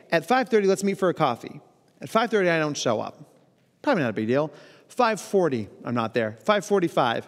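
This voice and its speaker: A man in his thirties giving a playful, animated keynote talk at a conference, often acting out quoted voices. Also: a little high. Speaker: keynote speaker. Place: large conference hall. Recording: long hall reverb.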